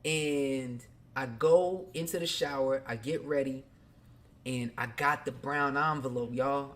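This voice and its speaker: A man hosting a podcast, telling a personal story candidly in casual slang, talking straight to his listeners and swinging between quiet and loud. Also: mid-range voice, steady tone, takes it slowly. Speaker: podcast host.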